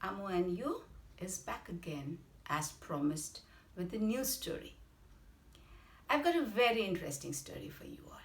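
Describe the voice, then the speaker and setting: A woman with an Indian English accent telling a bedtime story to children, animated and explanatory. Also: medium pitch, moderate pace. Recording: roomy echo.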